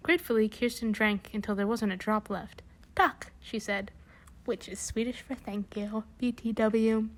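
A woman's voice: mid-range voice, fairly even intonation, normal speed. A young woman casually reading a children's book aloud, throwing in sarcastic asides and slang abbreviations. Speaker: reader.

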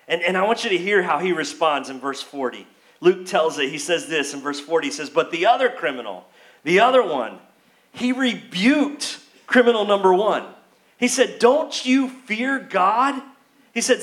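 A pastor with a notably high voice delivers a sermon. He talks in a loose, conversational way, often acting out quoted pleas. He sounds like he is speaking in a church. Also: a bit bright.

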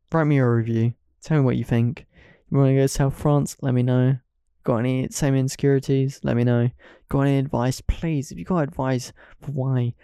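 Gravelly young man rambling on his podcast. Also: mid-range voice, mellow, no room sound, clean studio sound. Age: young adult. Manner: rambling, full of "like" fillers. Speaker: podcast host. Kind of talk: solo podcast chat.

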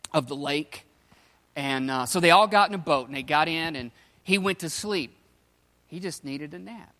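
A man preaching with a high, bright, forceful voice, telling the story in loose everyday slang. His words ring out with a long reverb, as in a large hall. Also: animated, a little slow, pauses often. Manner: casual storytelling, slangy paraphrase of scripture. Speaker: pastor. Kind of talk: sermon.

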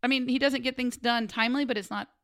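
A woman's voice: fairly high pitch, fast talker. A woman co-hosting a casual chat, telling a story and acting out the lines of the people in it. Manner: animated storyteller acting out quotes.

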